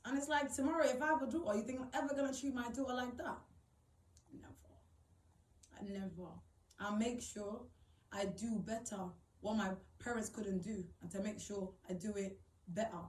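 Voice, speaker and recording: A woman's voice: on the high side, fairly even intonation, moderate pace, reverberant, recorded from a distance, low-quality recording. A young woman telling a personal story to camera, blunt and swearing, rising to indignant outbursts. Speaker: vlogger.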